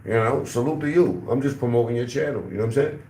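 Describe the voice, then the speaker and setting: A man's voice: medium pitch, fast, a little mellow, roomy sound, a little hiss or hum. A man livestreaming in casual talk to his chat, taunting and profane as he trash-talks.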